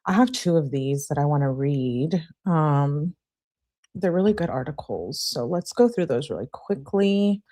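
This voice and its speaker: A woman's voice: low-pitched, expressive, a little slow, mellow. A woman hosting a casual livestream, chatting with her viewers and reading a news article aloud with frequent filler words. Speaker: livestream host.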